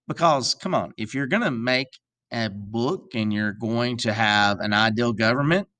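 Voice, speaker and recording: A male teacher giving a recorded video lecture, animated and jokey, with asides to his students and a stretch in an odd put-on accent. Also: mid-range voice, measured pace. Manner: drops into an odd accent for a while.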